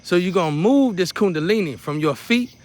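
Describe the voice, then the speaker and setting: A man with a fairly high voice leads a guided meditation in a loose, chatty way. He repeats his steps over and over and slips in preacherly asides as he teaches. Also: animated, brisk, darkish tone. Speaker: spiritual teacher.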